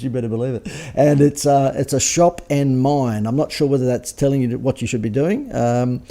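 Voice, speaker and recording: A man's voice: medium pitch, fairly even intonation, normal speed, dark tone. Sarcastic man coaching business. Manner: dry, sarcastic, chuckling asides. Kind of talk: presentation over slides.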